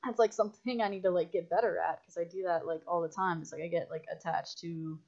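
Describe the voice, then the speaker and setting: A woman guest on a casual podcast, telling stories in an animated way with lots of "like" and acted-out quotes. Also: lowish voice, fast, dull audio. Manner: animated storytelling, many "like"s, acts out quotes. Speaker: guest filmmaker.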